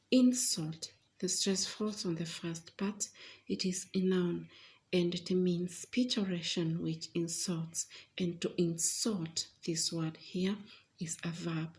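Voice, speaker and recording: A woman teaching an English pronunciation lesson, explaining deliberately with frequent pauses and fillers. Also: on the low side, little pitch movement, a little mellow.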